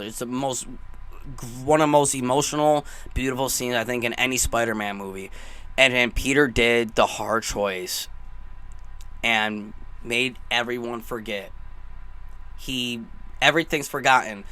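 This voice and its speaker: A young man giving an excited, rambling movie review, gushing and emotional as he talks. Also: medium pitch.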